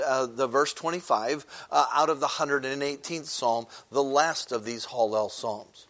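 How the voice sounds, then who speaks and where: A man's voice: medium pitch, a bit bright. A man preaching a sermon in a conversational teaching manner, using many filler words and asking the congregation questions as he explains. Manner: briefly sings a short chorus.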